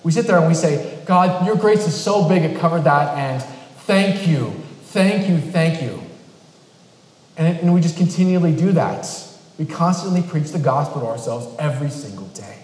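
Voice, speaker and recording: A man's voice: fairly high pitch, animated, brisk, darkish tone. A man preaching a sermon in a conversational, storytelling way, slipping into quoted voices to tell a family story. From New England. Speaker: pastor. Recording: echoey hall with long reverb.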